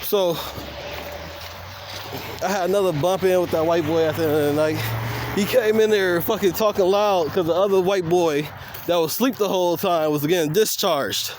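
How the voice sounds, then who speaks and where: A man's voice: sits high, fairly even intonation, moderate pace, a little mellow, a little hiss or hum. A man vlogging, telling a story in a casual monologue. He is profane and blunt, laughs often, and acts out the quoted dialogue.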